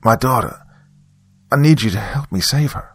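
Guy doing a raspy crackly old lady, desperate, whispery and higher up, dry close sound. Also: moderate pace, pushed and bright, no room sound, exaggerated voice. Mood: solemn. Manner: urgent pleading whisper. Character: desperate ragged old woman in the woods. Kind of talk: scripted horror narration.

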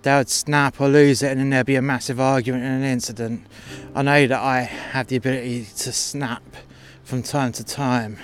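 A man hosting a podcast, telling a story in an indignant, sweary rant. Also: medium pitch. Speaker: podcast host. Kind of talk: storytelling monologue.

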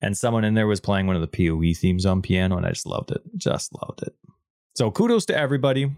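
A Canadian man co-hosting a casual gaming podcast, playful and rambling, quick to laugh. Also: on the low side, animated, a little mellow, no room sound, clean studio sound. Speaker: podcast co-host.

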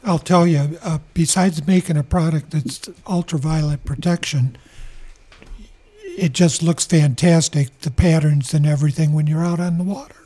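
Radio host, man, enthusiastic, mellow tone, slightly high pitch. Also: steady tone, normal speed.

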